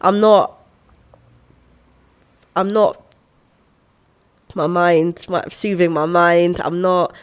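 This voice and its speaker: A young woman in her twenties, a podcast guest who talks in an expressive, animated way and laughs often while reflecting on her life. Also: lowish voice, extremely slow, long pauses, clean tone. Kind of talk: reflective conversational storytelling.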